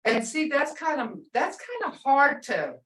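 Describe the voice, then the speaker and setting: Slow, patient older woman teaching. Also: high-pitched, big pitch swings, fairly bright tone. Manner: patient, drawing out words to model pronunciation. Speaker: language teacher. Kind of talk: online language class. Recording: roomy sound from far off the mic.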